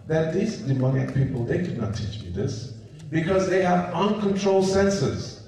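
A man's voice: high-pitched, animated, moderate pace, mellow. A man preaching, retelling a scripture story and checking in with his listeners. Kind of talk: sermon storytelling. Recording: very echoey hall, distant mic.

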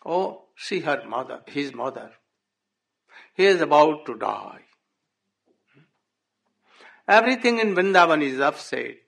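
Grieving old father, pleading in halting, broken English, with a gravelly voice pitched a little high, as a storyteller puts him on. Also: lively intonation, a bit bright, exaggerated voice. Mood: grief-stricken. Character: grieving elderly father, choked with longing.

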